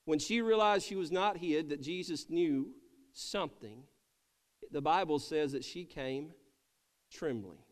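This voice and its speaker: Man, pastor, sermon, high voice, calls for amens, long church reverb. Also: unhurried. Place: church sanctuary.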